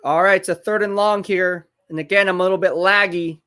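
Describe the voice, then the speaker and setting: A man hosting a live football watch-party stream, reacting to plays and chatting with viewers, excitable and repeating his points. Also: sits high, a little fast, clean tone.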